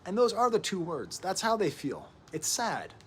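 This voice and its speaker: Animated man reviewing records. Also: high-pitched, normal speed, a little hiss or hum. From United States. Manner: animated, rambling, joking asides. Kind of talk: casual music analysis to camera.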